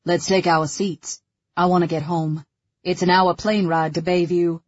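Woman voicing a dry, slow rich man. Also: fairly low pitch, fairly even intonation, dry recording, highs cut off. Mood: calm. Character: wealthy, composed older man, dry and businesslike.

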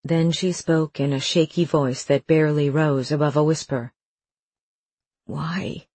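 A narrator reading a crime novel as an audiobook, with even, measured storytelling. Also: medium pitch, no room sound.

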